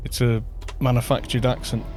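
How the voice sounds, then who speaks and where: A man talks through a live game stream in a loose, rambling way, thinking aloud and replying to his chat. His voice sits at a middling pitch. Soft music plays faintly behind him. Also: little pitch movement, moderate pace. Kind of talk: casual live-stream chat while gaming.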